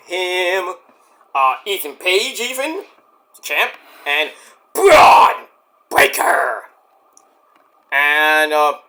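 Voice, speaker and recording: A man recapping a wrestling show in a casual, rambling vlog, cracking crude jokes and doing quick impressions. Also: a little high, bright, forceful tone.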